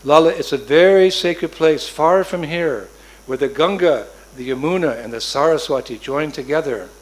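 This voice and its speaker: A man voicing a gentle village chief who calmly answers his little son, as part of a storytelling sermon. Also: fairly high pitch, natural voice, poor audio. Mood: patient. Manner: slow, patient, soothing.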